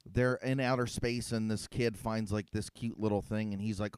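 A man's voice: on the low side, fairly even intonation, normal speed, hardly any pauses, a little mellow, clean tone, no room sound, studio quality. A man in casual podcast chat, rambling and swearing with many restarts. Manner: rambling, profane, restarts often.

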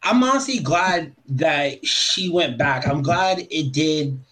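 Man, casual podcast chat, rambling, enthusiastic, fairly high voice. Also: animated, slow pace, pushed and bright, poor audio. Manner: rambling, filler-heavy, enthusiastic.

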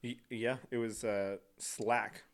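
A young man co-hosting a podcast in casual chat, animated and giggly as he tells stories. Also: fairly low pitch, takes it slowly. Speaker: podcast co-host.

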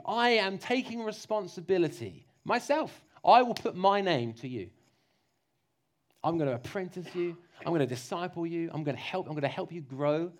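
A man preaching a lively, jokey sermon, slipping into mock voices to make his points. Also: sits high, moderate pace.

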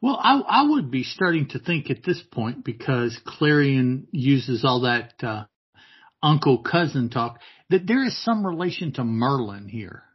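A man's voice: medium pitch, very animated, measured pace, breathy edge, highs cut off. A man chatting as a podcast guest, hesitant and repeating words as he thinks aloud. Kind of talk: casual chat.

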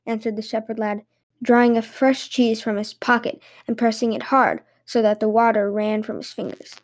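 Higher-voiced woman reading fairy tales. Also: normal speed. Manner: lively read-aloud narration. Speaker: podcast host and storyteller. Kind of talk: storytelling narration.

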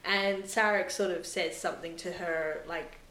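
A woman's voice: on the low side, fairly even intonation, measured pace, sharp tone. Rambling woman podcaster, echoey room. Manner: rambling, heavy use of "like" and "sort of". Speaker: podcast host. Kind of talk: casual chat recapping a TV episode. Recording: roomy echo.

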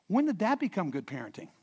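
Animated middle-aged male preacher, high voice. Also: brisk, husky. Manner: animated storyteller, swings from hushed to loud emphasis; frequent repeated words and restarts. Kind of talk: sermon with anecdotes.

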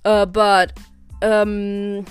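A woman's voice: mid-range voice, level tone, extremely slow, clear, resonant tone, no room sound, faint music behind. A young woman from Italy hosting her own podcast, chatting casually in a rambling way with many restarts and little laughs. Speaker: podcast host. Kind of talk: casual solo podcast chat.

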